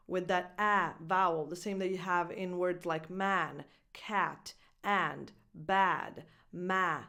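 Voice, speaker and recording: A woman teaching English pronunciation who repeats each word slowly and deliberately, marking the stressed syllable. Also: medium pitch. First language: Italian. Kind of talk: pronunciation lesson.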